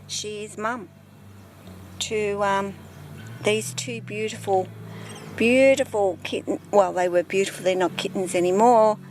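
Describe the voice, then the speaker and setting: Woman, unhurried pet vlogger talking to camera outside, music bed underneath. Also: mid-range voice. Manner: chatty, talks baby talk to her cat. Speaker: vlogger filming her pets. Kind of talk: casual chat to camera. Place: outdoors in a yard.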